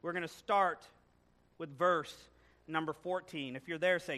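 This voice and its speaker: Male guest preacher, high, bright, lively storyteller in church. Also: measured pace. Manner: animated storytelling with joking asides. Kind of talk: sermon. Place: church sanctuary.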